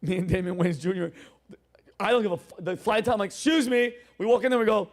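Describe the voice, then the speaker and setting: Man, comedian host, high voice, casual storytelling, animated loud quoting. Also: racing. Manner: animated, loud acted-out quotes and laughter.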